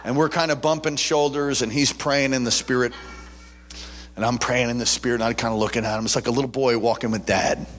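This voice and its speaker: A man preaching a sermon, telling a story with animated quotes and frequent restarts. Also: medium pitch, brisk, in a large hall. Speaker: pastor.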